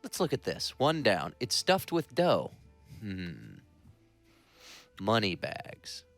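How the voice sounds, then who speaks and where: A man co-hosting a podcast in casual comedic banter, teasing and deadpan with absurd jokes. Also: fairly low pitch, takes it slowly, faint music behind. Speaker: podcast co-host.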